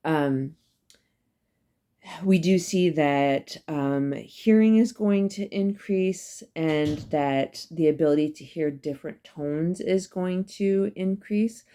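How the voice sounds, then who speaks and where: A woman's voice: low voice, slow, warm tone, clear, resonant tone. A woman professor giving a casual, chatty psychology lecture, emphatic and full of fillers and asides.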